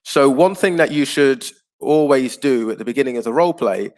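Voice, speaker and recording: A man teaching an online class, explaining patiently and clearly, with frequent ums and uhs. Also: medium pitch, lively intonation, brisk, darkish tone.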